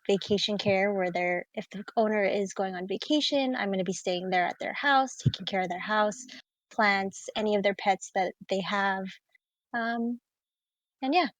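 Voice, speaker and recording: A woman guest in a casual podcast chat, talking in a relaxed, rambling way with many fillers. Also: mid-range voice, no echo. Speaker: guest, dog sitter.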